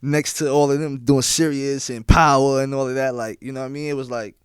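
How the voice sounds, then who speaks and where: Being interviewed on a podcast, a young DJ shares stories in laid-back slang and keeps checking in with "you feel what I'm saying?". He speaks fairly quickly in a clean, mid-range voice with fairly even intonation, in a dry, studio-quality recording.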